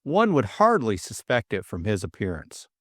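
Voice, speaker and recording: A man's voice: on the low side, huge pitch swings, moderate pace, fairly bright tone, dry recording, studio quality, full character voice. A man voicing a stuffy, self-important middle-aged politician in an audiobook drama, speaking in a pompous, formal way. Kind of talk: audiobook character voice.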